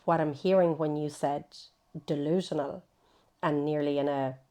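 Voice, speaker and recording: A psychotherapist appears as an interview guest, explaining ideas in an animated way and acting out the voices she quotes. Her voice is low-pitched and her pace brisk.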